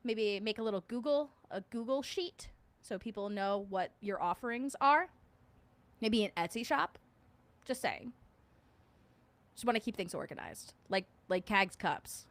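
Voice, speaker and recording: A woman's voice: medium pitch, animated, measured pace, long pauses, no room sound. A woman hosting a casual livestream, chatting with viewers. She reads their comments aloud, jokes and laughs often, and hums little filler tunes. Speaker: livestream host.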